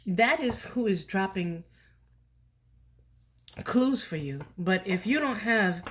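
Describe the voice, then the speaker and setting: A woman's voice: medium pitch, animated, takes it slowly, noisy background. A woman doing a casual, emotional tarot reading for her viewers, chatty and slipping in Spanish words. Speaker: tarot reader.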